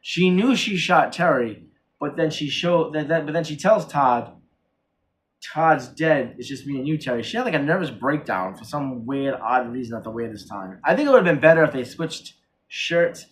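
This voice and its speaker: Male horror-movie reviewer, a little high-pitched, in an excited, rambling casual chat full of restarts. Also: normal speed, a little hiss or hum. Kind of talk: casual chat, retelling a film plot.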